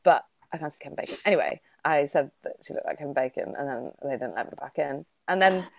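A woman in her thirties with a fairly low, dry voice tells a story in an easy, chatty way. She laughs often and puts on little voices for the people she quotes. The mic sits close, with almost no room sound. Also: lively intonation, fast talker, gravelly, darkish tone, dry recording. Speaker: guest. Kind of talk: casual chat, storytelling.

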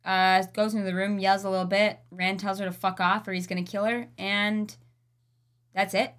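A woman's voice: medium pitch, flat delivery, normal speed, a bit bright. A woman co-hosting a casual book discussion podcast, summing up chapters in a dry, wry way. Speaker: podcast co-host.

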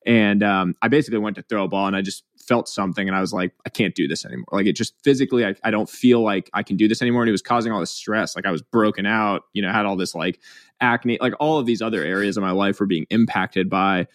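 A man's voice: fairly low pitch, fairly even intonation, quick pace, fairly bright tone, dry recording, clean studio sound. A man in his thirties, a podcast guest, speaking candidly and reflectively with a lot of "like" and "um" fillers. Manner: candid, heavy use of "like" and "um". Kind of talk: reflective interview storytelling.

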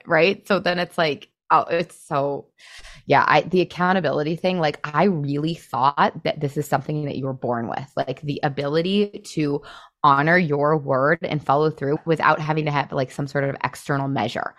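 Low-voiced chatty woman. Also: fairly even intonation, moderate pace. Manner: chatty, filler-heavy, acts out quotes. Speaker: podcast co-host. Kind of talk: casual chat.

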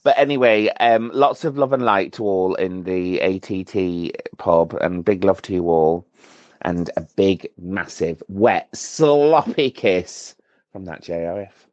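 A man's voice: sits low, a little slow, darkish tone, no echo. A camp man from Bradford, chattily and cheekily showing off in a voice message to a podcast. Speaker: listener leaving a voice note. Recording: dull, dry voice-note recording.

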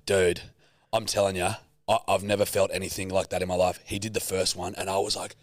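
Laid-back Australian bloke telling a story. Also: male voice, low voice, flat delivery, a little fast, dry recording. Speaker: podcast co-host. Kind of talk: casual storytelling chat.

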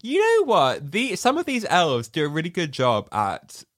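A woman's voice: low voice, wildly swooping pitch, moderate pace, no room sound, studio quality. A woman co-hosting a podcast in casual chat. She is giggly and teasing, and often acts out quotes. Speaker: podcast co-host.

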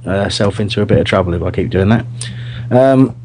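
A man's voice: sits low, steady tone, racing, a little mellow, a little hiss or hum. A man hosting a casual fan podcast, talking in a rambling, hesitant way with many restarts. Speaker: podcast host.

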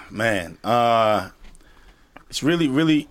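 A middle-aged man from the Virgin Islands, a football coach who co-hosts a podcast, tells stories in casual chat, laughing often and acting out quotes. His medium-pitched, fairly bright voice has lively intonation and drawn-out words, captured in a dry recording.

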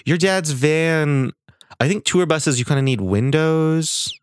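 A man's voice: fairly high pitch, slow pace, clear, resonant tone, dry recording, studio quality. A man co-hosting a comedy podcast, playing along earnestly and feeding mock-serious questions in improvised chat. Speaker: podcast co-host.

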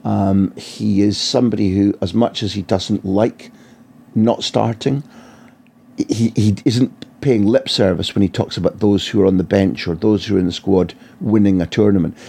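A football journalist tells vivid anecdotes in an interview, often restarting his phrases as he goes. His voice is on the low side, dark and slightly rough, with vocal fry and fairly even intonation at a normal speed.

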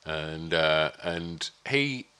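A man's voice: very deep voice, very slow, clear, resonant tone. A man hosting a podcast, telling stories in casual chat and acting out what others said. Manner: animated storyteller, voices others in quotes. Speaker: podcast host.

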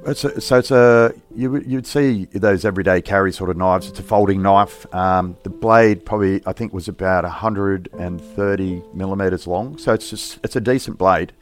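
Being interviewed, a middle-aged police officer reflects on a personal experience in a plain, halting way. His voice sits low, and faint music plays behind him.

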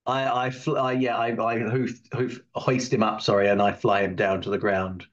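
A man playing a tabletop game, animated and jokingly grumbling. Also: on the low side, moderate pace, lo-fi sound. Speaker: player.

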